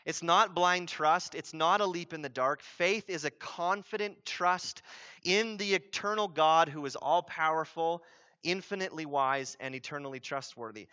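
A man preaching a sermon as pastor, emphatic, asking rhetorical questions and repeating key phrases, swinging from loud urgency to a low hush. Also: moderate pace, muffled recording.

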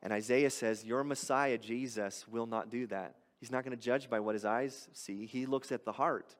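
Animated preacher man in a reverberant hall. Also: mid-range voice, moderate pace. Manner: conversational, animated preaching with rising emphasis. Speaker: pastor. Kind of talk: sermon.

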